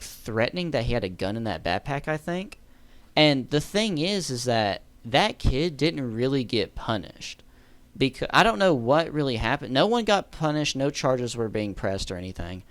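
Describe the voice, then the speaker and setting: A man's voice: mid-range voice, a bit bright, no echo. A man telling a story in a casual storytime monologue, rambling, correcting himself and laughing at his own story. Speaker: storyteller vlogger.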